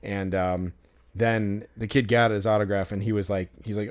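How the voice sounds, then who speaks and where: A man's voice: fairly low pitch, flat delivery, normal speed. A man co-hosting a casual podcast, telling long, rambling stories full of fillers and restarts, with a sarcastic, exasperated edge. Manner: exasperated, sarcastic about fans. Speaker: podcast co-host.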